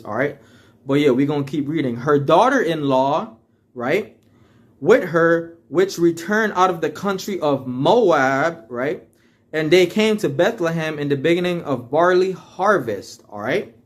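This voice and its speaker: A man leading a casual Bible study. He reads verses aloud in a raised voice, then explains them in relaxed slang and often checks in with "all right?". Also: fairly high pitch, measured pace. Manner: checks in with listeners with frequent "all right?" tags. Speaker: Bible teacher.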